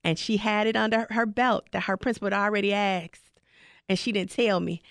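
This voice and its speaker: A woman football coach speaks with fiery conviction, her voice carrying a gravelly rasp. The sound is dry and close. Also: medium pitch, steady tone, a little fast, a bit bright, no room sound. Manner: passionate, emphatic. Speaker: high school football head coach. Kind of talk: casual interview talk.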